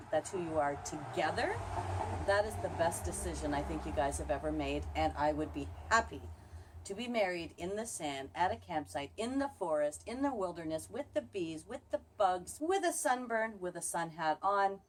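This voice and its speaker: A woman with a notably low voice speaks warmly and emphatically to a close friend. She builds her points through repeated phrases. A faint background hum sits behind her. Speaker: close friend giving a video message. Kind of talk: heartfelt congratulatory speech.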